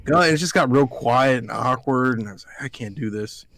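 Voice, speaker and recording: A man's voice: mid-range voice, brisk, a bit bright, no room sound. A man from Alabama co-hosting a podcast, telling rambling, profane stories in casual chat and acting out other people's lines. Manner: profane, rambling storyteller who acts out quotes. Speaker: podcast co-host.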